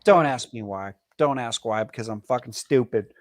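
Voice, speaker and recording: Speaking at normal speed with a medium-pitched voice, a male caller shares a heated personal story on a live show. It's casual call-in storytelling, and he swears constantly.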